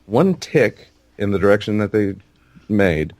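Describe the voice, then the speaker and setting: A man's voice: on the low side, sing-song, a little slow, a little mellow, no echo. A man co-hosting a casual gaming podcast, rambling with lots of fillers and restarts. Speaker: podcast co-host.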